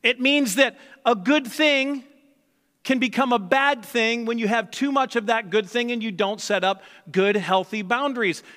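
A man's voice: extremely high pitch, a little slow, sharp tone, long reverb tail. A man preaching a sermon as pastor, speaking in a conversational way and often acting out both sides of a conversation. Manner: conversational, acts out quoted dialogue.

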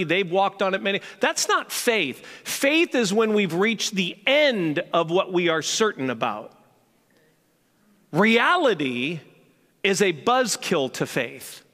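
A man preaching a sermon from a church stage, animated and humorous, often restarting his sentences. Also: high-pitched. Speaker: pastor. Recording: reverberant hall.

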